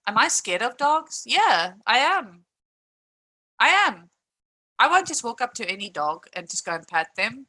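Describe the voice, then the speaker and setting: A young woman talks to her live chat in a bright, sharp voice. She rants with frustration and emphasis, swears freely and circles back to the same points. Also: medium pitch, rough recording. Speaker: live streamer. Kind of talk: live-stream rant.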